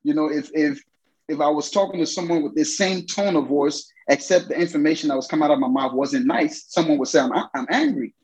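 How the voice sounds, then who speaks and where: A man's voice: a little high, brisk, darkish tone, slightly rough, low-quality recording. A man co-hosting a casual faith discussion, talking with passion and projecting his voice, with plenty of fillers. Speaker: podcast co-host.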